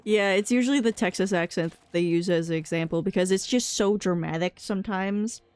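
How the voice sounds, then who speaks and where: A woman's voice: medium pitch, a little fast, a little mellow, smooth, no echo. A woman with a Boston accent chatting casually while streaming a game, laughing often and filling with "like". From New England. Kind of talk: casual chat while gaming.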